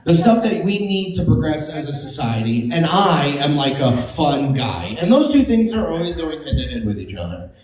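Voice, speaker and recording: A woman's voice: low-pitched, big pitch swings, moderate pace, roomy sound, a crowd in the background. A woman performing a stand-up comedy set on a comedy club stage, brash and profane, laughing through her own punchlines.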